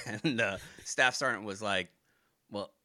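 Ex-Marine man, podcast guest, crisp dry close-mic sound, loose profane storyteller. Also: medium pitch, moderate pace, no echo. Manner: profane, animated retelling with quoted dialogue. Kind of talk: casual storytelling interview.

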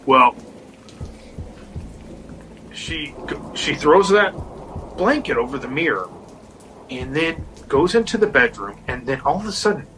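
A man's voice: a little high, unhurried, pauses often, slight background noise, rough recording. A man casually telling a spooky story, acting out the people in it. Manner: animated, acts out quotes. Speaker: guest storyteller.

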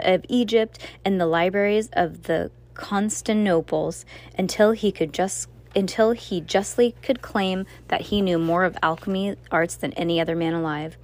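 A woman reading a gothic story aloud in a dramatic way, sometimes stumbling and correcting herself. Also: medium pitch. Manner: dramatic, with slips and self-corrections.

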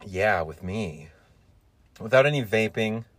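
Rambling, jokey low-voiced podcast host. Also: male voice, animated, measured pace, dry recording. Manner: joking, self-teasing, meandering. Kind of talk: rambling solo podcast chat.

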